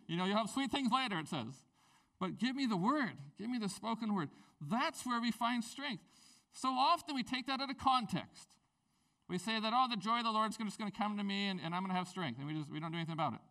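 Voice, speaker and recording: A man preaching a sermon as a pastor, in a conversational, animated way with playful asides. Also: high voice, moderate pace, recorded from a distance.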